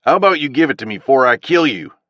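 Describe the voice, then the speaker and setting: A man doing a gruff southern bandit. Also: mid-range voice, lively intonation, normal speed, a bit bright, no room sound, lo-fi sound, pitched above the performer's own voice. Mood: threatening. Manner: gruff, barking. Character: gruff armed young southern male bandit.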